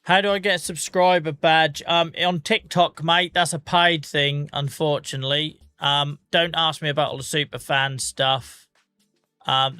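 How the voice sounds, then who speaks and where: A man chats his way through a gaming livestream, answering viewers' messages with easy, self-mocking humour. His voice has a bright, forward tone. It sounds close-miked and dry, with faint music underneath. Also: fairly high pitch, clear, resonant tone, dry recording. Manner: chatty, self-mocking, reads out viewer comments. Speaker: livestream host. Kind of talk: casual chat with viewers while gaming.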